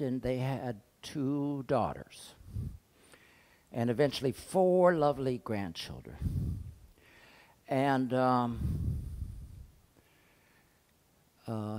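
A man preaching a sermon from the pulpit of a church. He talks to the congregation like a storyteller, casual and direct. His pitch swings widely, climbing on emphatic lines and sinking low and quiet on the somber ones. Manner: conversational storytelling, lively swings between emphatic and hushed. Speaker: pastor. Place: church sanctuary.

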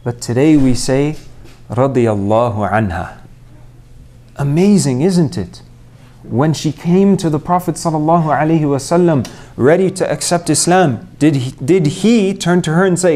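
A man's voice: mid-range voice, moderate pace, warm tone. Montreal-raised man preaching. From Canada, Montreal. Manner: earnest, rhetorical questions to the audience. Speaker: Islamic preacher. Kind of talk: mosque talk.

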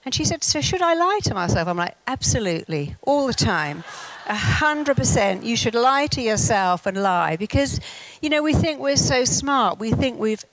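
Lively English woman telling stories. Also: moderate pace, rough recording. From England. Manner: lively storyteller, acts out quotes with big pitch jumps. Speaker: therapist and speaker. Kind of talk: motivational talk with acted anecdotes.

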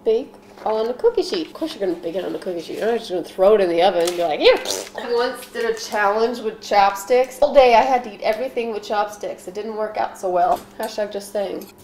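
A woman's voice: mid-range voice, fast, a little mellow, roomy sound, slight background noise. A young woman hosting a home baking vlog in her kitchen, joking and rambling between steps. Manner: silly, rambling, jokey asides. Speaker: host of a home baking show.

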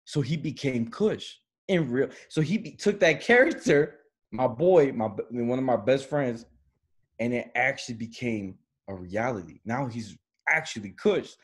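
Young male podcast co-host, husky voice, animated storyteller, mid pitch. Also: a little slow. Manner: animated, laughs often while telling stories. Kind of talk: casual storytelling.

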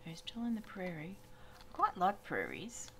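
A woman's voice: on the low side, wildly swooping pitch, moderate pace, a bit bright, a little hiss or hum. A woman giving chatty, exclamatory commentary on her gameplay and talking to the animals she meets. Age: older. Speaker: gaming YouTuber. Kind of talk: casual let's-play commentary.

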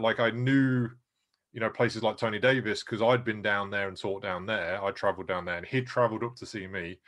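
Lowish voiced english bloke, laid back, lots of uhs, slangy. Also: male voice, fairly bright tone. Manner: easygoing, hesitant, slangy. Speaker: martial arts instructor. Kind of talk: casual podcast chat.

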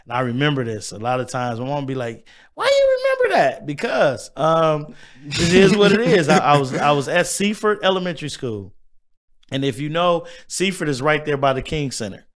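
A man guesting on a podcast as a comedian, telling stories in a slangy, animated way and repeating words as he goes. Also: fairly high pitch, moderate pace. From American South. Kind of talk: casual podcast chat.

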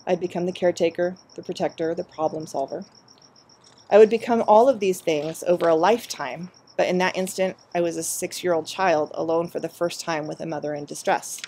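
Brief: woman storyteller, measured reflective reading, gravelly low-set voice. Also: dark tone. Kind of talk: reading a personal story aloud.

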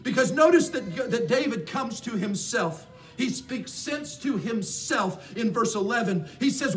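A male pastor preaching a sermon in a fervent, repetitive way that rises to shouts. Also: very high-pitched, lively intonation, a little slow, soft background music. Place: church sanctuary. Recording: distant mic with faint background noise.

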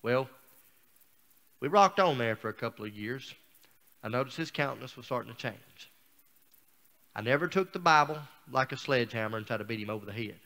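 A man's voice: medium pitch, lively intonation, brisk, pauses often, bright, forceful tone. A man speaking as a guest preacher, telling a personal story in a folksy, down-home sermon style.

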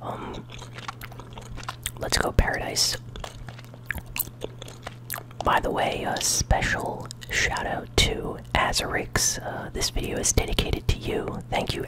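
A channel host whispering gameplay commentary while chewing gum, relaxed and chatty, with flashes of excitement. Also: slow.

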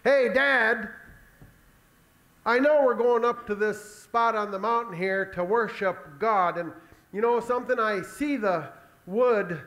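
A man voicing an eager young son on a trip with his father, talking in an excited, chatty, boyish way. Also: high-pitched, takes it slowly, heavily acted. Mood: curious.

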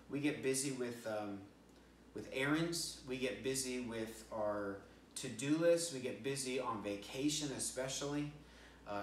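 A man's voice: mid-range voice, a little hiss or hum. An American man preaching a storytelling sermon as a pastor, stumbling and repeating words as he acts out the voices in the story. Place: church sanctuary. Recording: roomy church audio, speaker distant from mic.

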